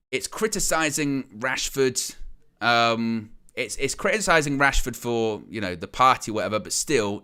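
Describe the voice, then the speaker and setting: A man hosting a live fan stream, ranting with animated disbelief and firing off rhetorical questions. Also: on the low side, clear, resonant tone. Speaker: host of a fan channel. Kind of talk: live-stream opinion commentary.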